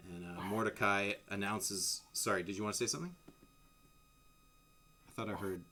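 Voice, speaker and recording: A man's voice: fairly low pitch, moderate pace, sharp tone, a little hiss or hum. A man narrating a tabletop game as game master in a casual, rambling way with many restarts. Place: home streaming setup.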